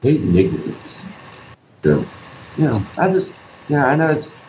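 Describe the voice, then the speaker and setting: In a dull lo-fi recording with faint noise, a guest artist and musician shares a personal story during an interview. His mid-range voice is sing-song and unhurried, and he speaks earnestly, repeating himself and acting out what others said.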